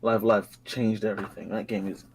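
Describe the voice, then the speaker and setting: A man's voice: fairly low pitch, flat delivery, a little fast, rough recording. Man, caller, eager, emphatic, faint background noise. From East London. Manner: enthusiastic, emphatic about favourite games. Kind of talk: casual chat.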